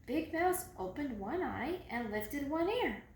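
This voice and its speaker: A woman reads a children's picture book aloud at a slow, deliberate pace. Her high voice swings widely in pitch to build suspense, with an echoey room and faint noise in the background. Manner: expressive, slow, dramatic read-aloud. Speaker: storyteller. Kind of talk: children's storybook reading.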